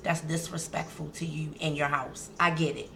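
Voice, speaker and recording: A woman's voice: low-pitched, little pitch movement, normal speed, creaky, noisy background. A woman with a Baltimore accent, co-hosting a casual radio talk show and repeating key phrases for emphasis.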